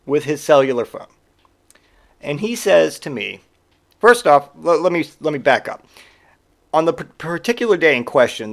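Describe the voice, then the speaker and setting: A man hosting a podcast and telling stories in a casual monologue, exasperated and sarcastic, and he swears freely. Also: a little high. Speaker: podcast host.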